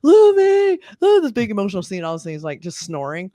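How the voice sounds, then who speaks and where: A woman's voice: lowish voice, racing, no echo, studio quality. A woman co-hosting a casual anime review chat, retelling scenes and acting out the characters' lines. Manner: animated, acts out scenes in character voices. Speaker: movie review co-host.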